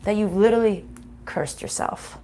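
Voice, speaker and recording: A middle-aged woman giving a casual spiritual reading, frank and animated, swearing freely and laughing often. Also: medium pitch, normal speed, slight background noise. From Italian-American family. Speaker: spiritual reader and channel host.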